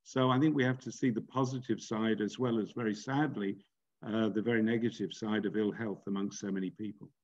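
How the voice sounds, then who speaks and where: A rabbi from Britain speaking on a video call, chatty and personal, with some restarts. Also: male voice, lowish voice, fairly even intonation, brisk, darkish tone, lo-fi sound. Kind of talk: speaking to a joint congregation event on a video call.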